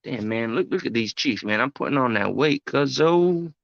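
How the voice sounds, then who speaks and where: A man's voice: mid-range voice, expressive, moderate pace, gravelly, fairly bright tone, dry recording. A young man rambling and joking on a live stream, loose and self-mocking, swearing freely. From United States. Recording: dull, dry home stream audio.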